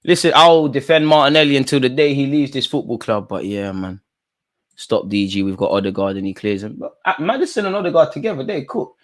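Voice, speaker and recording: A young man reacting live to a football match, talking to players and the referee, swinging between low mutters and high shouts. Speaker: football watchalong streamer.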